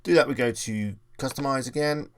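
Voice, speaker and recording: A man's voice: medium pitch, a little fast, slight background noise. A man presenting a screen-recorded web design tutorial, casually thinking aloud as he clicks through each step. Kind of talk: screen-recorded software walkthrough.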